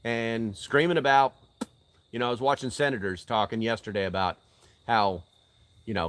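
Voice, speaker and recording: Older man, plain middle-pitched voice, blunt and profane host, live-chat rambling, dry close sound. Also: very animated, normal speed, fairly bright tone, no echo. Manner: blunt and profane, with emphatic rhetorical questions. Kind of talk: casual live-stream chat. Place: outdoors beside a fire.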